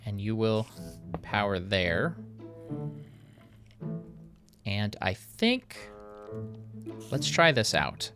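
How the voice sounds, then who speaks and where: A man's voice: on the low side, big pitch swings, very slow, pauses often, over music. A man hosting a game video, chatting casually and thinking aloud with a self-mocking tone. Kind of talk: casual gameplay commentary.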